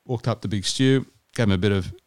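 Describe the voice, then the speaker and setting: A man's voice: on the low side, a little fast, darkish tone, clean tone, no echo. An Australian man co-hosting a podcast, telling stories in casual chat with frequent restarts. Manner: chatty storytelling with restarts. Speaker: podcast co-host.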